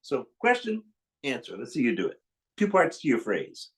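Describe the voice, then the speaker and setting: This time the man has a mid-range voice with wildly swooping pitch at a normal speed, teaching piano to a young student with encouragement and demonstrated phrases. It's masterclass coaching in a room with a piano playing, captured in low-quality audio with loud piano over the voice.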